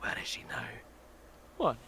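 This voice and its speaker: A man doing an impression of a famous actor with a put-on Scottish accent, reciting Shakespeare in a halting, drawn-out theatrical way. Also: bright, forceful tone, whispered. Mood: brooding. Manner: halting, dramatic, drawn-out line delivery.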